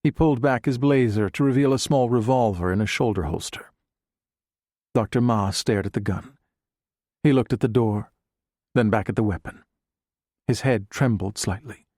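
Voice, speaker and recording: A man's voice: medium pitch, normal speed, long pauses, darkish tone, no echo. Man narrating an audiobook, dry sound. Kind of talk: scripted narration.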